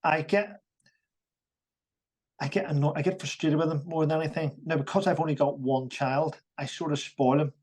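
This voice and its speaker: A man with a fairly high voice, talking on a podcast as a veteran guest. He speaks frankly, stops and restarts often, and repeats his words. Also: fairly even intonation, normal speed, a little mellow, breathy edge. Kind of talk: casual podcast chat.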